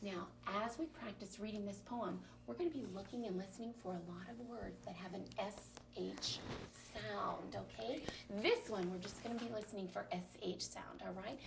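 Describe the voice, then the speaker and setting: A woman teacher runs a small-group phonics lesson, modeling each sound slowly and clearly. Her voice has a gravelly, fry-tinged edge. She sits some way from the mic, with faint noise underneath. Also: mid-range voice, distant mic.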